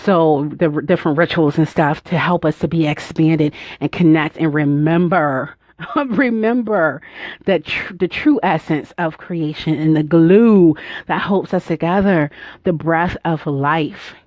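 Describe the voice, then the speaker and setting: A woman's voice: low-pitched, fairly even intonation, measured pace, darkish tone, no echo. A young woman speaking as a spiritual healer, emotional and on the verge of tears as she preaches about love. Her delivery is informal and heartfelt, and the recording is close and dry with no room sound. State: near tears. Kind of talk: spiritual teaching talk.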